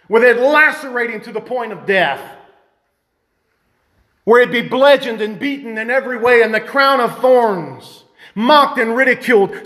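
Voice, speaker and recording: A male preacher delivering a fervent sermon in a very high-pitched voice. He reads the text aloud and stops to explain it, and he rises to shouts of emphasis.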